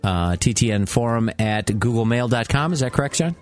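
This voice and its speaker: Male podcast co-host, opinionated casual talker, middle pitch with lively swings. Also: a little fast, faint music behind. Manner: opinionated, ranting. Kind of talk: casual comedic podcast banter.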